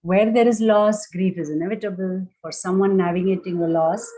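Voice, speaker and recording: A woman speaks in a lowish, mellow voice as she leads a reflective workshop talk. She is gentle and measured and works through each idea step by step. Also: steady tone, rough recording. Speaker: workshop speaker on grief and loss.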